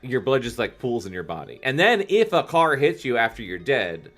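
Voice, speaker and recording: A man's voice: mid-range voice, big pitch swings, moderate pace, fairly bright tone, faint music behind. A man co-hosting a casual podcast chat, laughing often and reading a book aloud. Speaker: podcast co-host.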